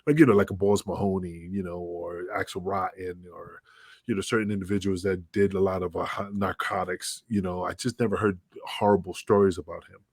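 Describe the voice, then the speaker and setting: A man's voice: low-pitched, level tone, fairly quick, vocal fry, husky, no echo, clean studio sound. A man in his fifties co-hosting a podcast, chatting casually and rambling with many fillers. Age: 50s. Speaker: podcast co-host. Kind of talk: casual chat.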